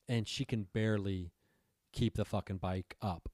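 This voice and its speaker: A man's voice: on the low side, steady tone, normal speed, darkish tone, dry recording, studio quality. Rambling, profane storytelling man. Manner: rambling, swears freely, acts out quotes. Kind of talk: casual storytelling chat.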